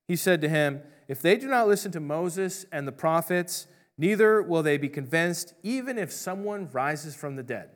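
Middle-aged male pastor, slightly higher voice, relaxed joking sermon delivery. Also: moderate pace. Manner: conversational, jokey storytelling with voiced asides.

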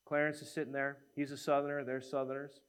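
A man preaching a sermon, telling a story in an animated way and acting out the voices of the people in it. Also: medium pitch, fast talker, smooth.

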